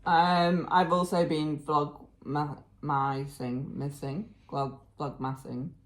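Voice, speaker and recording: Woman, New Zealand accent, deep-ish voice, dry and understated co-host. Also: level tone, very slow. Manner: understated, not gushy. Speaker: podcast co-host. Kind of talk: casual chat.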